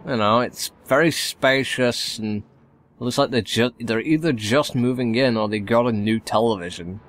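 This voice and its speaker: A man's voice: medium pitch, moderate pace, fairly bright tone. A man giving casual, rambling commentary while playing a video game, with wry asides. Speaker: let's play host.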